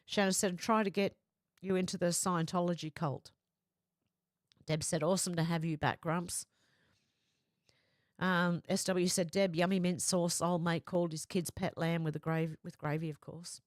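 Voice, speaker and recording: Woman, livestream host, lowish voice, dry close sound, chatty, reads comments aloud. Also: fairly even intonation, normal speed, no room sound. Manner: reads comments aloud and chats back, often breaking into laughter. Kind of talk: casual chat.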